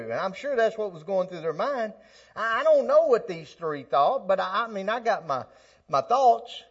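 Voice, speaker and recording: A man's voice: sits high, animated, moderate pace, breathy edge. A man preaching a sermon in a conversational way, stumbling and restarting, then building to emphatic peaks. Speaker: pastor. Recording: slightly dull lo-fi sound.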